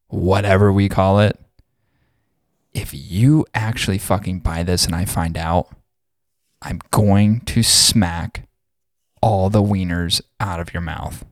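A man's voice: lowish voice, dry recording, studio quality. A man co-hosting a podcast, heatedly ranting with lots of swearing in a casual talk style. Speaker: podcast co-host.

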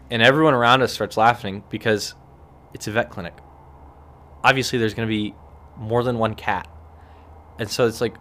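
A man's voice: fairly low pitch, fairly quick. Rambling, wry male podcast host. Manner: rambling, wry storytelling with lively acted-out quotes. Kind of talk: casual solo podcast rant. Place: relaxed evening setting with a cigar and beer.

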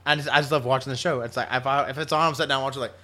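A man co-hosting a podcast in casual chat, excitable, swearing and laughing often. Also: medium pitch, very fast. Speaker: podcast co-host.

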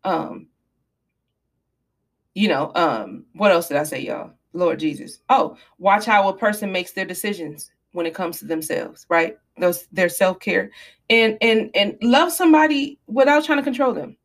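A woman podcaster with a mid-range voice gives casual advice at an unhurried pace. She's animated and preachy, offering mock apologies along the way.

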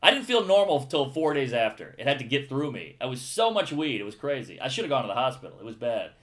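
A man animatedly telling a profane, excitable story in casual conversation, acting out his own panic. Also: mid-range voice, fast talker.

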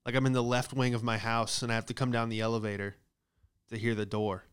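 Smooth-voiced man riffing comedically. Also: mid-range voice, level tone, fast. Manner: casual, profane, exaggerated riffing. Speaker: comedian host. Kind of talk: comedic monologue.

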